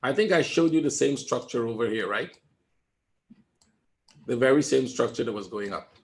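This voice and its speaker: A man giving live trading commentary in a webinar, calm and reassuring, repeating his points and often asking "right?". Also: mid-range voice, moderate pace. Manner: emphatic, talks straight to viewers. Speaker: trader teaching a webinar.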